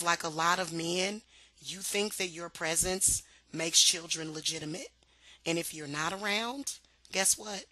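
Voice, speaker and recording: A woman vlogger with a medium-pitched, pushed and bright voice rants heatedly on a dry recording. She's confrontational, sarcastic and profane, repeating her points for emphasis.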